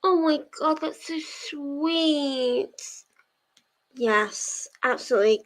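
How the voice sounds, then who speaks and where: Extremely slow and full of pauses, this woman's high, slightly bright voice carries a casual reading livestream. As host of the reading sprint, she chats with viewers, giggling and filling her speech with fillers.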